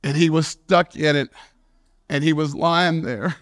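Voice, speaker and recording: A man's voice: on the high side, measured pace. A male pastor giving a storytelling sermon, moving from a childhood anecdote into scripture. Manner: storytelling, animated, with shouted quotes of a friend's catchphrase.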